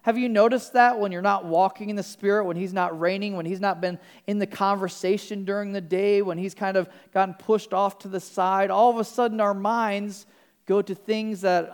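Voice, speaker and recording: A man's voice: sits high, normal speed, clear, resonant tone. A man, a pastor, giving a conversational sermon, often restarting and repeating words. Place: church.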